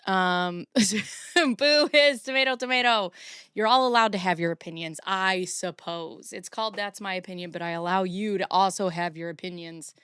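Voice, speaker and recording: Woman streamer in her forties, casual rambling chat, smooth clear voice, dry close sound. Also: mid-range voice, a bit bright, no room sound. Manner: rambling, chatty, self-deprecating. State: a little out of breath. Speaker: streamer host.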